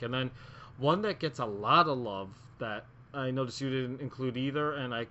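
A man rambles through his picks as a podcast co-host, circling back with frequent ums and restarts. His voice sits at an ordinary middle pitch. The recording is muffled and lo-fi, with a faint hiss underneath. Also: moderate pace, pushed and bright. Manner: rambling, lots of filler words and restarts. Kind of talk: casual wrestling podcast chat. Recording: muffled lo-fi audio.

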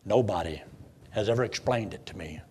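A man, a preacher telling his conversion story in a folksy way, swinging from loud bursts to hushed lows. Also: a little fast, slight background noise. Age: 70s. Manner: folksy storytelling with sudden emotional swells and hushed drops. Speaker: preacher giving his testimony. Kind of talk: sermon testimony.

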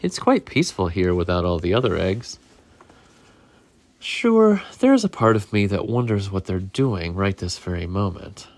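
Man, reading a picture book aloud to a child, gravelly voice, lively melody, dry close sound. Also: deep voice, no echo. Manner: unhurried, stops to chat about the pictures.

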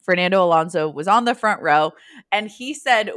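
A young adult woman co-hosting a casual podcast chat, animated and quick to laugh. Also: on the low side. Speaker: podcast co-host.

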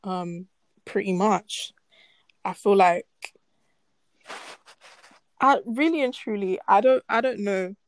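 A woman's voice: medium pitch, slow pace, pauses often, no echo. A young woman co-hosting a podcast, talking bluntly and swearing with exasperation. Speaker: podcast co-host. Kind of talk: casual chat.

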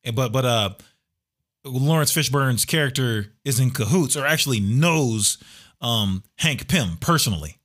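A middle-aged man co-hosts a casual podcast in an animated way, laughing easily and trailing off into fillers. His tone is bright and forward, and his pitch jumps up and down a lot. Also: a little slow. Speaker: podcast co-host.

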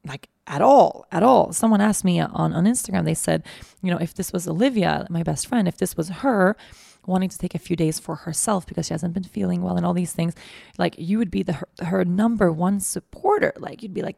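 Gravelly-voiced woman telling a personal story. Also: on the low side, normal speed, darkish tone, no room sound, studio quality. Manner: candid, rambling, many fillers. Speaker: podcast host.

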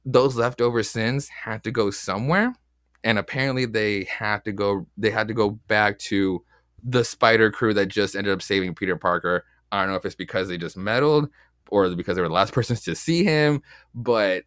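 A podcast co-host with a lowish, fairly bright voice rambles loosely through recaps of comic book issues alongside his fellow hosts. He swears often and acts out the quoted lines. The sound is clean studio audio with no echo.

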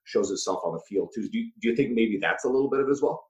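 A man hosting a podcast, asking measured questions and steering the talk. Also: medium pitch, expressive, a little mellow, reverberant, dull audio. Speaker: podcast host. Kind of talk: casual podcast interview.

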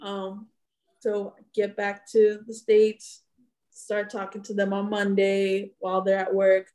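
A woman's voice: mid-range voice, monotone, slow pace, dark tone. A young woman co-hosting a casual podcast, telling a story in a rambling way with frequent laughs. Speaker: podcast co-host. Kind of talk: casual chat.

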